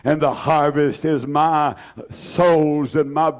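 Man, preacher, fervent sermon, repetitive, loud then hushed, high voice. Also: steady tone, slow pace. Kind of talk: impassioned sermon.

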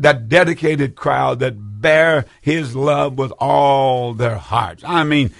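A man's voice: on the high side, vocal fry, fairly bright tone, no echo, clean studio sound. An older man hosting a call-in preaching broadcast, fervent and rambling, reading scripture and urging listeners to phone in.

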